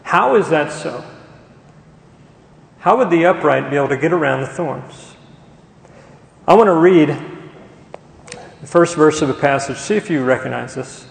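A man's voice: a little high, expressive, a little slow, vocal fry, long pauses. A man preaching a sermon as pastor, emphatic and asking the congregation questions as he goes. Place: church sanctuary. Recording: echoey church hall.

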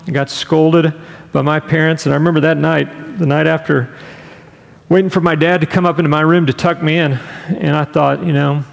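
A man preaching a sermon, telling a story in a relaxed, conversational way with fillers and asides. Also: fairly high pitch, vocal fry, big-room sound. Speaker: pastor.

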